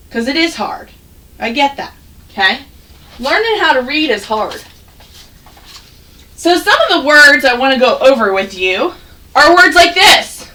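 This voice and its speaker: A woman teaching first graders an online phonics lesson, patient and encouraging, sounding words out slowly. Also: high-pitched, very animated, sharp tone, distant mic, poor audio.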